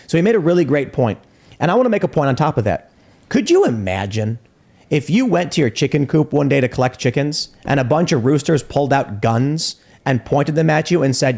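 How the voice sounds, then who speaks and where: A man hosting a podcast talk show, telling a joking story with animated asides. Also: a little high, brisk. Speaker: podcast host. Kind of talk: casual talk show discussion.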